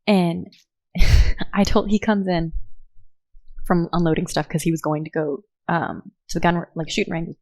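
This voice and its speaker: A chatty young woman tells a story in loose podcast talk, full of "like" fillers. Her voice sits fairly low. The small room around her is dry and close. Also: fairly even intonation, unhurried, creaky, darkish tone, dry recording. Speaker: podcast co-host. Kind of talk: casual chat.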